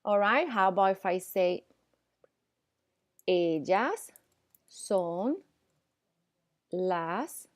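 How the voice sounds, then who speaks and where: Slow-paced, patient woman language teacher. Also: medium pitch, expressive, no room sound, studio quality. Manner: patient, checks in often with "okay?" and "all right?"; casual, slightly ungrammatical English. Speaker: Spanish teacher. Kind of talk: recorded classroom lesson.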